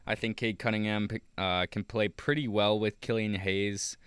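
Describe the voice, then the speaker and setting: A YouTuber rambles casually through a basketball mock draft over a screen recording, full of fillers and restarts. His voice is lowish, steady and fairly bright, smooth at a normal speed, and the recording is dry.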